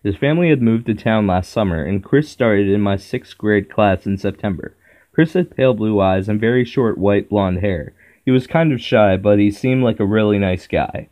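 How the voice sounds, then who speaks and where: Low-voiced man reading a spooky storybook. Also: normal speed, lo-fi sound. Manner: steady storytelling, first person. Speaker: narrator. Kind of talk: reading a children's horror book aloud.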